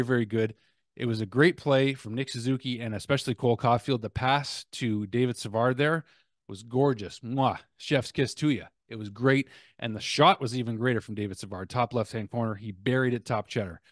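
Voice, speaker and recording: Young man, hockey vlogger, casual recap, jokey and energetic, dry close sound. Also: mid-range voice, dry recording. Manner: energetic, self-mocking, jokey.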